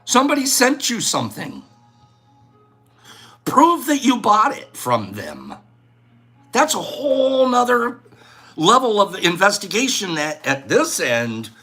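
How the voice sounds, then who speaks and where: A man's voice: high voice, bright, forceful tone, slightly rough. A man hosting a casual vlog, rambling and lecturing as he talks. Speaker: host.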